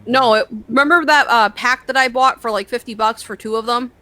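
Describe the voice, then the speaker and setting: Bright-voiced woman in casual chat. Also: a little high, brisk, no room sound. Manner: chatty, swears, stumbles over words. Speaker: co-host reacting to videos. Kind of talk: casual reaction chat, reading on-screen text aloud.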